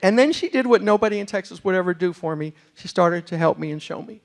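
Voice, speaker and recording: In a university lecture hall, a middle-aged New York City man tells a humorous story with animated comic delivery and asides to the audience. His voice sits high and is gravelly, and he moves at a quick pace.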